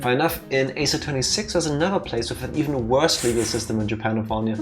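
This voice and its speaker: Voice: medium pitch, fast talker. A host teasing the co-host and laughing often during a let's play, with game music faint behind.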